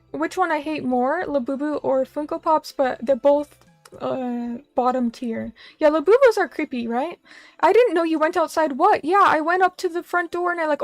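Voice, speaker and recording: A young woman with a high-pitched voice is streaming as a vtuber from a little table in a small room, with no room sound on the recording. She chats casually with viewers and reads their comments, rambling and poking fun at herself.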